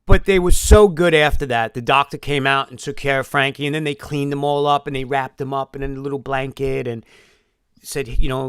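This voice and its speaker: Gravelly-voiced man, rambling live stream. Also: mid-range voice, fairly even intonation, normal speed, fairly bright tone, no echo, clean studio sound. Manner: rambling, emotional storytelling with frequent swearing. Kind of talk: casual live-stream monologue.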